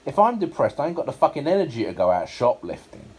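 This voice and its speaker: A man's voice: medium pitch, big pitch swings, quick pace, a little mellow, slight background noise. A man with a blunt, sweary manner, chatting casually as he reacts to a TV show. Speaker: co-host reacting to TV.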